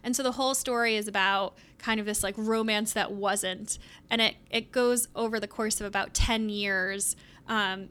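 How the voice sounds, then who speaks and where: Bright-voiced young woman, podcast co-host, chatty book talk. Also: mid-range voice, clear, resonant tone. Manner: chatty, upbeat, many filler words. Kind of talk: casual chat about books.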